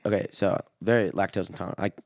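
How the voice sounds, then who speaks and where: This is a young Midwestern man talking with a loose, slangy, laid-back ease. His voice sits a little low. It is recorded close, with a dry sound and no room echo. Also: steady tone, fast talker. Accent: Midwestern American. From American Midwest. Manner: laid-back and slangy, calls everyone dude. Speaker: podcast guest. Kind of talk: casual chat.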